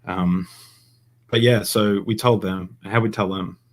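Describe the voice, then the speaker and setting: A young man hosting a relaxed podcast chat, his voice pitched on the low side. He rambles through stories, restarting sentences and leaning on fillers as he goes. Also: measured pace. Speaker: podcast host. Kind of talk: casual chat.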